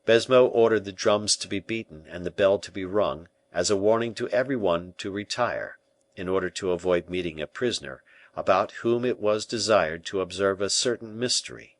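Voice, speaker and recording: A man narrating an unabridged classic novel in a measured, even reading. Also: low voice, no room sound. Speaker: audiobook narrator. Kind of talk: scripted narration.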